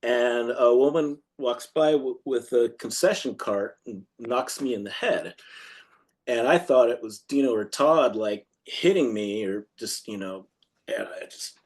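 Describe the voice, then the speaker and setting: A man's voice: mid-range voice, unhurried, a little mellow. Male punk musician guest, loose rambling storyteller who acts out quotes. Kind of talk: casual storytelling interview.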